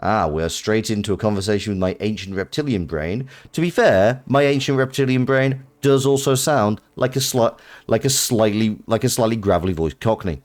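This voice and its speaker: A man's voice: fairly low pitch, normal speed, hardly any pauses, darkish tone. A British man streaming a video game live, reacting with amused laughter. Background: faint game music.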